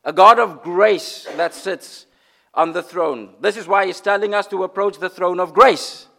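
Preaching a sermon, this man repeats phrases for emphasis and swings between booming declarations and lines so hushed they're nearly whispered. His voice is high-pitched and creaky, and his pace is a little slow.

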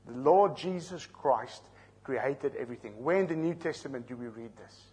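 A man with a South African accent delivers an animated expository sermon at normal speed, his mid-range voice darkish and husky. Going verse by verse, he explains terms and puts questions to his listeners.

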